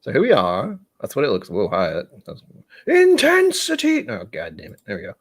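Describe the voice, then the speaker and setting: A man hosting a casual live stream, chatting in a rambling, self-mocking way. His pitch swings widely as he talks, and he tosses in offhand swears. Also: sing-song, brisk. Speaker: livestream host.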